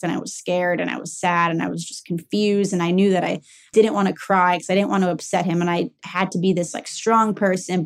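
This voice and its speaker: A young woman telling a personal caregiving story in a candid, casual way, full of fillers. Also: on the low side. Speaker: caregiver sharing her story.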